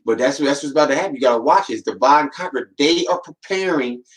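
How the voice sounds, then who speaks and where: On a roughly recorded podcast, the host races through a casual, slang-heavy monologue in a mid-range voice. He acts out the voices he quotes in streetwise stories, repeatedly warning listeners with "man" and "watch."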